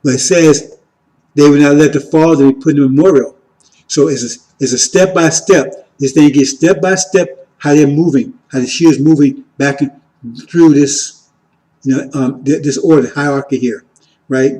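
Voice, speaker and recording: A man giving an informal teaching sermon, repeating "See?" and "right?", moving between loud emphatic lines and quiet asides. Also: a little high, fairly even intonation, normal speed, low-quality recording. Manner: repetitive, keeps asking "See?" and "right?". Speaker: religious teacher.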